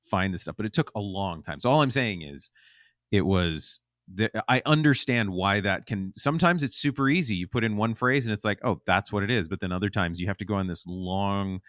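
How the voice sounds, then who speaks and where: A man's voice: fairly low pitch, animated, a little fast, a bit bright, dry recording, clean studio sound. A man chatting as a podcast guest, rambling with lots of ums and restarts. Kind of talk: casual chat.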